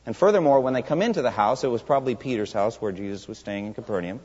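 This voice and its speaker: A man's voice: medium pitch, expressive, fast talker, a little mellow, husky. A man preaching an expository sermon in a church sanctuary, emphatic and putting rhetorical questions to the congregation. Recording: long hall reverb, dull lo-fi sound.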